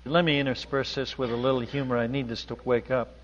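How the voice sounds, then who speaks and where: A man preaching a sermon in an emphatic, deliberate manner in a large church hall. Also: mid-range voice, little pitch movement, a little hiss or hum. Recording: dull audio with long hall reverb.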